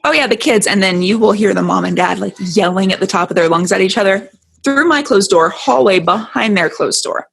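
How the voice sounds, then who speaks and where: Husky-voiced woman guest, candid and joking. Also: medium pitch. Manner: candid, joking, quick bursts. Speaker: guest expert. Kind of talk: casual podcast conversation.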